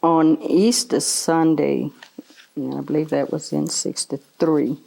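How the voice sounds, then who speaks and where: Low, gravelly older woman recalling. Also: fairly even intonation, takes it slowly, warm tone. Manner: earnest, repeats short affirmations. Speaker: oral history interviewee. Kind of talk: oral history interview recollection.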